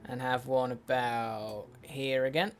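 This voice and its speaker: A man's voice: medium pitch, level tone, takes it slowly. A man giving casual game commentary as a let's play host, muttering to himself with wry, sweary asides. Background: faint in-game music.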